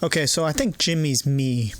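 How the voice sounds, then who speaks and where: A man's voice: fairly high pitch, normal speed. A man casually talking through a horror video game, thinking aloud and swearing freely. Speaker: gamer playing a horror game. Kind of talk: casual gameplay commentary.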